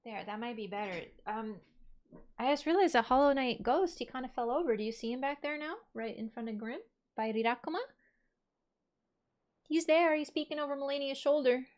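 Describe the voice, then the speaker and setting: A young woman chatting casually with viewers while livestreaming a game, excitable and reacting out loud. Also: sits high, brisk, dry recording. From Canada. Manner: excitable, reacts aloud to gameplay and chats with viewers. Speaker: streamer. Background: game music.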